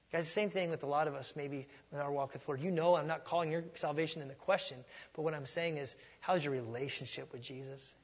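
A middle-aged man preaching a sermon in a conversational way, moving between soft asides and loud emphatic lines. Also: fairly high pitch, long reverb tail. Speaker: pastor.

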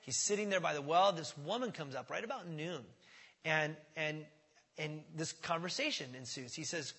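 A man's voice: on the high side, normal speed, fairly bright tone, husky, long reverb tail. A man preaching a conversational sermon as pastor. He often checks in with his listeners and acts out voices in the quoted dialogue. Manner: conversational, keeps asking "does that make sense?".

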